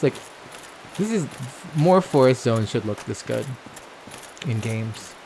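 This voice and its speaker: Gamer guy, mid-pitched, loose and swearing, talks to the screen; faint background hiss. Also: vocal fry. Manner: chatty, profane, talks to game characters. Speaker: let's play gamer. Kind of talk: casual gameplay commentary.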